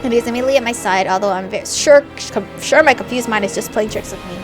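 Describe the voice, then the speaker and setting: A young woman reading a visual novel aloud and reacting with loud, animated outbursts between the narration. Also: a little high, quick pace. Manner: expressive, jumps to loud excited reactions. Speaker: gamer. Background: faint game music.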